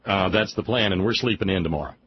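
A man hosting a radio talk show, answering a caller in a halting, thoughtful way. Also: sits low. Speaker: radio host. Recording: dull lo-fi sound with faint noise.

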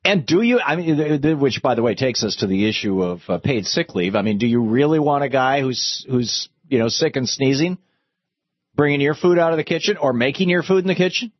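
Husky talk radio host, sarcastic edge. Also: male voice, medium pitch, a little fast, no room sound, muffled recording. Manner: animated, sarcastic, rising to outrage. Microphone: studio microphone.

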